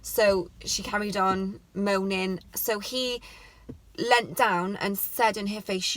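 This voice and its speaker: A parenting vlogger talks casually to camera about the way parents speak to their children, sounding earnest, heartfelt and pleading. Her voice is medium-pitched, steady and fairly bright, a little slow, with no room sound.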